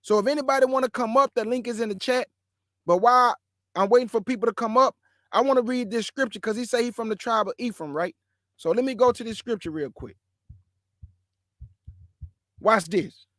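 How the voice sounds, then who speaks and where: A man's voice: very high voice, fairly quick, pauses often, fairly bright tone, no room sound. Brash stream host, a man, mocks and repeats himself, dry close mic. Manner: brash, mocking, repeats lines for emphasis. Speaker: host of a livestream show. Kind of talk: livestream commentary and preaching.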